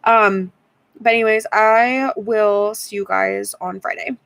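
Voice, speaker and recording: A woman's voice: mid-range voice, fairly even intonation, takes it slowly, a bit bright, dry recording. A woman in her twenties venting in a tired, frustrated vlog rant, often repeating herself. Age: 20s. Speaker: YouTuber.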